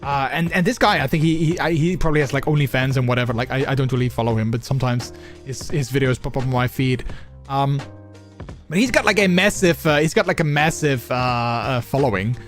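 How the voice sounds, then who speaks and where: A man's voice: medium pitch, brisk, soft background music. A man livestreaming and chatting casually with his viewers, rambling with many fillers and restarts on a close microphone. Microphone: close desk microphone.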